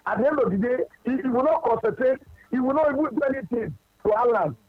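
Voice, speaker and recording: A man's voice: very high voice, lively intonation, quick pace, dry recording. A man with a Nigerian accent calling a radio sports show, insistent and repetitive as he rants. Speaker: caller. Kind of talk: rapid call-in rant. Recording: phone line.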